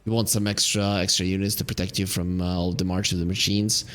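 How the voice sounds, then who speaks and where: A man casting a video game match, explaining hero picks and strategy in steady analytical commentary. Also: low-pitched, fast, faint music behind. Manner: explanatory, steady, fillers while thinking. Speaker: esports caster.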